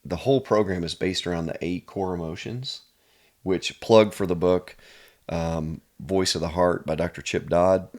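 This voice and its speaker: A man's voice: low voice, moderate pace, a little mellow. A man from Pennsylvania, a chiropractor guest, telling personal stories in an earnest, casual way. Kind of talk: casual storytelling.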